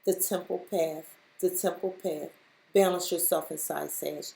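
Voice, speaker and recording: This tarot reader has a gravelly, dark voice pitched fairly low, with fairly even intonation and a slightly slow pace. Talking straight to the listener, she repeats herself with emphasis during the spiritual reading, and the room echoes noticeably.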